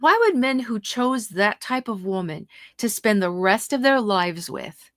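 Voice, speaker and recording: A woman's voice: mid-range voice, lively intonation, unhurried, fairly bright tone, no echo, studio quality. A middle-aged woman hosting a livestream, talking passionately and indignantly, reacting to her viewers' comments. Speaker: host.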